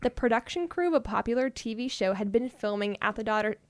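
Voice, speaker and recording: Woman, podcast storyteller, fairly high voice, playful, casual, dry recording. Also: animated, fast, no echo. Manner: playful, laughs often while reading stories. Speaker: podcast co-host telling stories.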